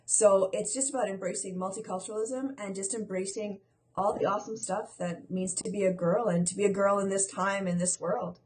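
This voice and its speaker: A woman of middling pitch talks as a guest author in a casual interview. Her manner is cheerful and wry, with a dry humor. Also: steady tone, fairly quick, darkish tone, slight background noise. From South America, raised in Canada.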